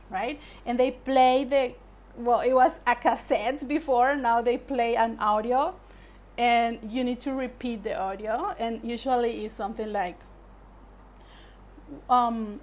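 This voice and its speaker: Woman english teacher, slow careful delivery, a bit high voice. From Paraguay. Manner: measured, explanatory, asks "right?" often. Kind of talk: language lesson.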